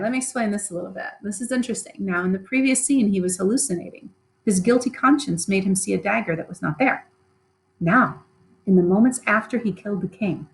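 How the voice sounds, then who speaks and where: A woman's voice: medium pitch, low-quality recording. A woman teacher reading a play aloud and explaining it in chatty, plain modern words.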